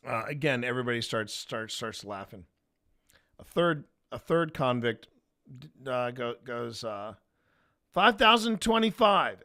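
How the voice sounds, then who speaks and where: A man at an ordinary middle pitch tells a long joke in casual, rambling chat. He restarts his phrases again and again, then jumps up loudly for each shouted number. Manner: rambling with many restarts, rising for punchlines. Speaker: paranormal investigator telling a joke.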